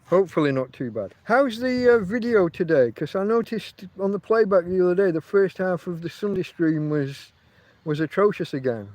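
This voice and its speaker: A man's voice: high-pitched, lively intonation, moderate pace, a little mellow, dry recording. A man, chatting casually and rambling on a livestream from outdoors. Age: 50s. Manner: rambling, chatty, often restarts his sentences. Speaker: livestream host.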